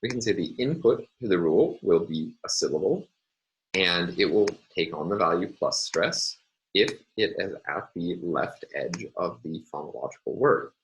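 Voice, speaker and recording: A man lecturing on phonology in a measured, explanatory way, pausing often with "uh" and "um". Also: low voice, lively intonation, a little hiss or hum, low-quality recording. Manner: measured, explanatory, with frequent "uh" and "um" pauses. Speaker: university lecturer. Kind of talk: recorded academic lecture.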